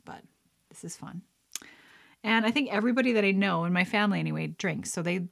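Chatty excitable woman vlogger. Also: lowish voice. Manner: chatty and excitable, squeals and laughs at right answers; reads questions aloud, mutters guesses to herself. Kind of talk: casual chat, playing a trivia card game.

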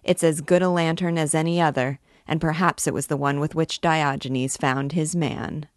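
A woman's voice: low voice, fairly even intonation, moderate pace, dry recording, studio quality, natural voice. Reckless young student, read by a woman, flippant and mocking. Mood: cheeky. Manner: cheeky, mocking.

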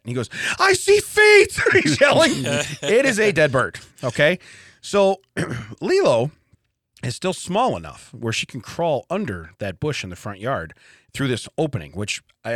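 In a podcast studio, a middle-aged co-host with a mid-range voice spins stories in casual conversation, animated and quick to laugh. The recording is dry and studio quality.

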